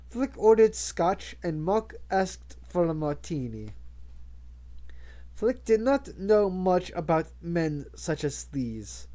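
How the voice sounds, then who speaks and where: A reader narrating a novel aloud in a measured way, with occasional stumbles and restarts. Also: medium pitch, very animated, mellow. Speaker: audiobook reader. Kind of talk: audiobook narration.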